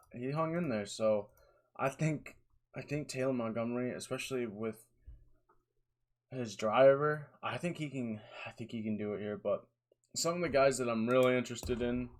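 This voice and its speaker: A tired young man in his twenties, medium-pitched, rambles on his own about his fantasy golf picks, full of fillers and restarts.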